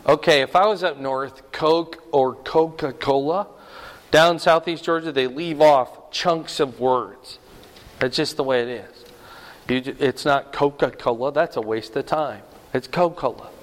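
A man's voice: a little high, measured pace. An older man preaching a sermon in a folksy, conversational way, telling stories and asking his congregation questions. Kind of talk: sermon with storytelling. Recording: long hall reverb.

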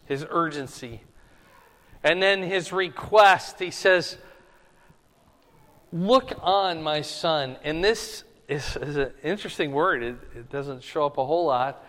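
A man with a slightly high, sharp voice preaches an informal sermon verse by verse, checking in with his listeners again and again. A hall's long reverb trails his words.

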